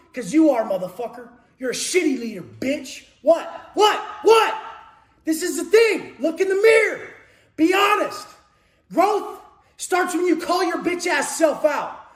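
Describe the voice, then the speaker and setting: A man delivers a motivational rant in a very high, strained register, swearing constantly and taunting the listener. He often breaks into shouting. The recording has a roomy echo. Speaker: motivational speaker. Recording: echoey room.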